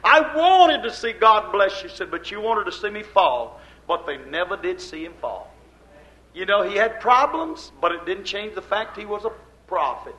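A man preaching a fervent sermon, swinging between loud, urgent lines and quiet, low asides. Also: animated, normal speed, low-quality recording.

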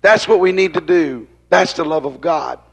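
A man's voice: on the high side, normal speed, creaky, fairly bright tone, slightly rough. A man preaching a fiery sermon in a church, driving his points home with rhythmic repetition that swells and drops in intensity.

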